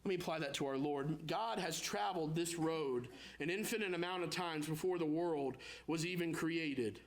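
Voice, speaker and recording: High-voiced, animated preaching pastor. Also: male voice, moderate pace. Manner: animated preaching, acts out prayers in a high pleading voice; storytelling with personal anecdotes. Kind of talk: sermon.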